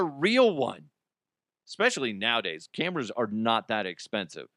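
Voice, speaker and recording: A man hosting a podcast, telling work stories in a casual, profane, animated way and laughing at himself. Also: mid-range voice, moderate pace, dry recording, studio quality. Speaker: podcast host. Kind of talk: casual storytelling monologue.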